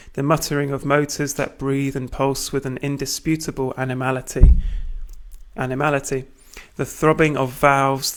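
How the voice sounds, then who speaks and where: A British man reading a manifesto aloud at a deliberate pace, breaking off for wry asides and small self-corrections. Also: mid-range voice, a bit bright. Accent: British English. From Britain. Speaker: reader of a manifesto.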